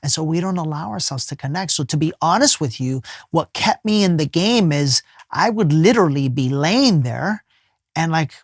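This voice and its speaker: A man, a life coach appearing as a podcast guest, telling a personal story in an earnest, emphatic way and sometimes dropping to a soft hush. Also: fairly high pitch, expressive, normal speed, dry recording, studio quality. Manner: casual speech with many fillers and restarts.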